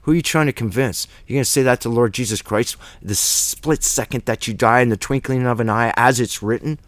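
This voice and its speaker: Regular-pitched guy teaching bible, blunt and pushy, slangy, dead dry room. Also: brisk, no echo. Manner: blunt and emphatic, slangy asides. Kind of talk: casual Bible study teaching.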